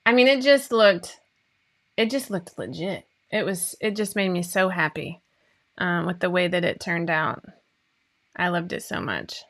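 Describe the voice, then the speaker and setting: A woman's voice: on the low side, lively intonation, unhurried. A woman in her forties hosting a casual chat for her viewers, talking in a chatty, rambling way with frequent laughs. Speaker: host of a sewing pattern show.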